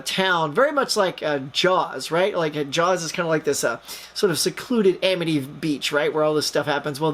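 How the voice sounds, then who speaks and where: A man's voice: on the high side, fairly bright tone. A man reviewing a film, retelling the plot in a chatty, rambling way, full of fillers and jokey asides. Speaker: movie reviewer.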